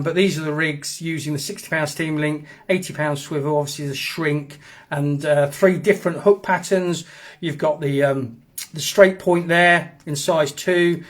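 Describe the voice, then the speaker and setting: Chatty host, middle-high voice, rambling live-stream talk. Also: male voice. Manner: rambling, chatty, reads out viewer comments. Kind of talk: casual live stream chat.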